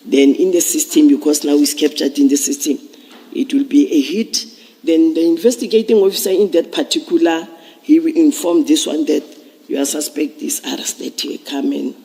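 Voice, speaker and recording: A man testifying as a police officer at a commission hearing, explaining procedure in a measured way with some restarts. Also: on the high side, steady tone, dark tone, breathy edge. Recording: long reverb of a large hearing room.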